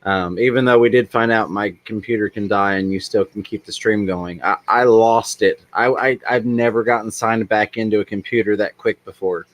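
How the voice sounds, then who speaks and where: A man's voice: lowish voice, steady tone, normal speed, hardly any pauses, dry recording. A man hosting a casual livestream chat, joking and self-deprecating as he rambles along. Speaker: livestream host.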